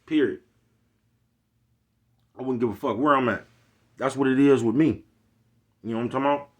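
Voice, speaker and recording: A man's voice: mid-range voice, steady tone, fast. A man from East Oakland with a Bay Area accent, ranting bluntly in a casual monologue full of profanity and repeated check-ins with his listeners. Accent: Bay Area Black American English. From East Oakland, California. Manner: blunt, profane street talk, repeats "you know what I'm talking about". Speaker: vlogger.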